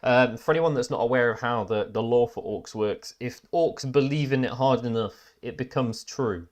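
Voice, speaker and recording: A man's voice: mid-range voice, moderate pace, darkish tone. Rambling man chatting casually. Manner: rambling, self-correcting, laughs while telling jokes. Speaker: podcast host. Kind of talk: casual chat.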